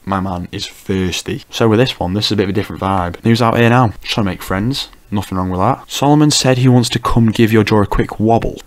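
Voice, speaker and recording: Low-voiced man, wry comedic commentary. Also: steady tone, fairly quick, few pauses. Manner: wry, teasing remarks. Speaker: YouTuber.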